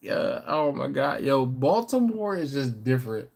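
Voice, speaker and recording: A man's voice: mid-range voice, sing-song, measured pace, gravelly, a little mellow. A tired middle-aged man hosting a casual late-night live stream, chuckling and bantering in a laid-back, slangy way as he reads viewer comments. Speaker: barbecue channel host.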